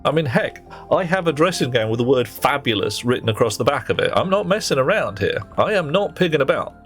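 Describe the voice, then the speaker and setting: A man's voice: medium pitch, sing-song, fairly quick, soft background music. A man streaming a game, chatting playfully and teasingly with his viewers and muttering to himself as he works. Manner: talks to himself while working. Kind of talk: casual live-stream chat while playing.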